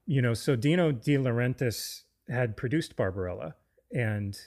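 A man's voice: medium pitch, lively intonation, normal speed, a little mellow. Chatty man talking movies. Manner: enthusiastic, restarts sentences often. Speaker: podcast co-host. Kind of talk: casual film discussion.

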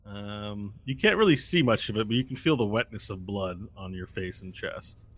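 A man narrating as game master of a tabletop game, describing scenes in a relaxed way and correcting himself as he goes. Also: on the low side, moderate pace.

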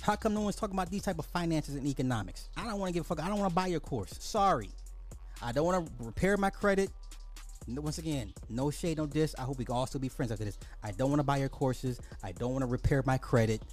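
A man's voice: on the high side, fast talker, soft background music. A man hosting a podcast, delivering a profane, mocking rant of social commentary and apologizing as he goes. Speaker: podcast host.

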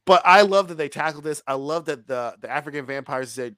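A man co-hosting a casual film review podcast, talking in an animated, profane way and laughing often. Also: on the high side, brisk, dry recording.

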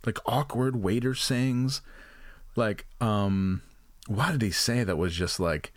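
A man's voice: fairly low pitch, takes it slowly, no room sound, clean studio sound. A man co-hosting a casual comedic chat, rambling and profane as he tells jokey stories. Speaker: podcast co-host.

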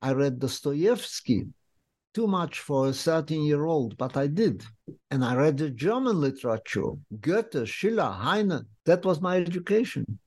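Older man, interview storytelling, slightly raised voice, unhurried. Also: fairly high pitch, very animated, a little mellow. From Lithuania. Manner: vivid, unhurried storyteller with slightly non-native English phrasing. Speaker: interviewee, memoir author. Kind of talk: recounting memories in an interview.

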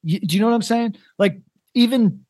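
A man in his thirties co-hosting a casual comedic podcast, rambling in a deadpan way with lots of restarts. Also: high voice, brisk, dry recording. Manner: rambling, deadpan, building to a prank. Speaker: podcast co-host.

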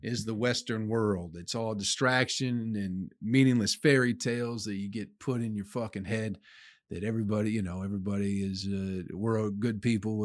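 A man's voice: lowish voice, a little mellow, no echo, clean studio sound. A man hosting his own comedy podcast, delivering a rambling, profane monologue that he aims at listeners he calls people. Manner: acts out his own inner voice in quotes.

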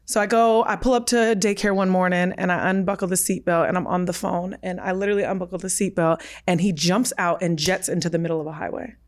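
A woman's voice: lowish voice, fairly even intonation, fast talker, few pauses. A woman in her thirties, a podcast guest, telling a personal story candidly and with emphasis, acting out her own quoted words.

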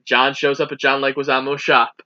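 A man's voice: mid-range voice, little pitch movement, brisk, bright, forceful tone, highs cut off. A man co-hosting a podcast, retelling a film's plot casually and acting out the characters' lines. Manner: narrates the plot, acts out lines. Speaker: podcast co-host. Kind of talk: casual movie recap chat.

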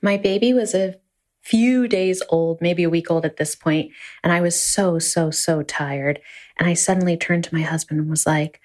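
A mother telling a funny anecdote in an expressive way. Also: lowish voice, normal speed. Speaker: mother sharing a story. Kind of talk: casual anecdote.

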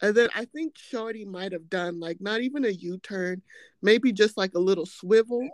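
A young woman hosting a casual chat, playfully dramatic and quick to laugh. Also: mid-range voice, no room sound, clean studio sound. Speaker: podcast host.

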